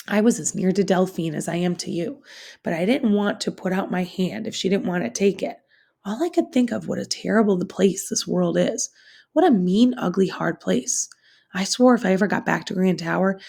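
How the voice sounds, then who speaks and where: A woman teacher reading a novel aloud in a steady, expressive storytelling manner. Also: on the low side, creaky.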